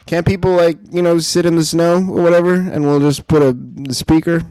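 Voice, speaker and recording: A man's voice: a little high, fairly even intonation, a little fast, mellow, clean tone, dry recording. A man co-hosting a podcast in casual banter, jokey and riffing on bits. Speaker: podcast co-host. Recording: noisy background.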